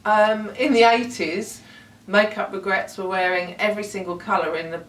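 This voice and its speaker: A woman's voice: medium pitch, steady tone, moderate pace, a bit bright. Middle-aged woman, self-mocking, roomy. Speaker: vlogger's mother, guest. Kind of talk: casual chat. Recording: roomy sound, mic at a distance.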